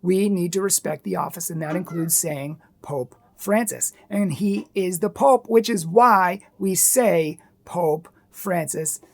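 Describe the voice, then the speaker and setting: A woman's voice: lowish voice, measured pace, hardly any pauses. A woman giving earnest, emphatic opinion commentary, full of rhetorical questions.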